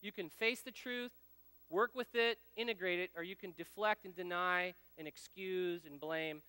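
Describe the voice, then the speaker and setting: Bright-voiced man preaching in a hall. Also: sits high, fairly even intonation, normal speed, smooth. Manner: storytelling, folksy, speaks directly to the audience. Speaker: speaker at a men's ministry gathering. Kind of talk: conversational sermon with personal anecdotes.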